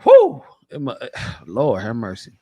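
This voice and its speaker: A man hosting a podcast in casual chat, animated and acting out quoted voices. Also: fairly high pitch, normal speed, no echo, studio quality. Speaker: podcast host.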